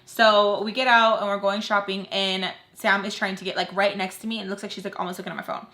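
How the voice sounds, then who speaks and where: A young adult woman vlogger telling a personal story in an animated, emphatic way, full of fillers and the odd swear word. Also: mid-range voice, quick pace. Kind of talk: storytime chat.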